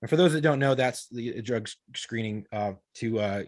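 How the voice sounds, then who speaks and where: A man's voice: mid-range voice, moderate pace, no echo. A man in his thirties, a podcast co-host, telling a story in casual, profane talk full of quoted dialogue. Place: podcast studio.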